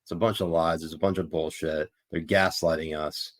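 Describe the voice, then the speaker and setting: A man's voice: rumbling low, fairly even intonation, moderate pace. A man giving opinionated political commentary as a guest on a casual livestream. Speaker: guest co-host.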